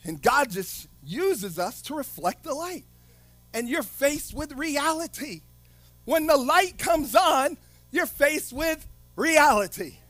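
Male preacher, slow, impassioned sermon, swings up to shouting, very high and lively voice. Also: no room sound. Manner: impassioned, rising to shouts, dramatic.

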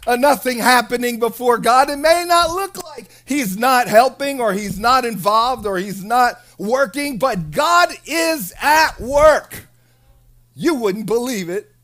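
A preacher delivering a dramatic sermon, swinging between hushed asides and loud declarations. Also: mid-range voice.

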